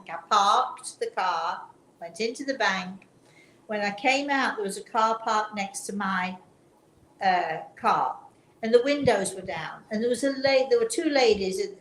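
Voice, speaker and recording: A woman hosting a chat show, telling a personal story in an earnest, gentle way and often restarting her sentences. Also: medium pitch. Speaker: talk show host. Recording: roomy sound with faint background noise.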